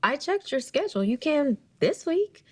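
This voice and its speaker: A coaxing, doting wife. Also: female voice, high-pitched, big pitch swings, moderate pace, darkish tone. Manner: coaxing, reassuring. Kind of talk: soap opera acting. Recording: clip with faint music underneath.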